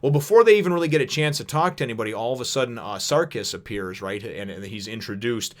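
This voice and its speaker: Man, casual recap, quick pace, lots of fillers, swears offhand. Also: medium pitch. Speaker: manga chapter reviewer.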